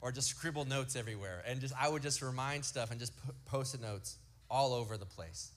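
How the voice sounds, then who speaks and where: A man's voice: medium pitch, fairly bright tone. A man in his thirties preaching a sermon, telling family stories and acting out what kids say. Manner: storytelling, acts out quotes from kids; slow emphatic lists. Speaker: pastor.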